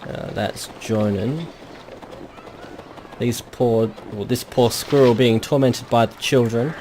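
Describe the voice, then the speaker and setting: A man's voice: medium pitch, slow, noisy background. Man with dry, wry gameplay commentary. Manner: dry, wry asides with sudden crude jokes. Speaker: let's play host.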